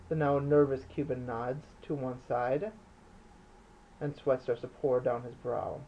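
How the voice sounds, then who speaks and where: A man's voice: mid-range voice, fairly even intonation, measured pace, lo-fi sound, slight background noise. A man, the author, reading his own novel aloud in a plain, unpolished way, with slips and restarts. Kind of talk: audiobook narration.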